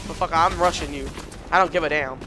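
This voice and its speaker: A young man streaming a shooter game, reacting loudly, swearing often and yelping when surprised. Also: a little high, quick pace, over music. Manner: excitable, swears a lot, yelps and shouts in reaction. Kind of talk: live gameplay commentary.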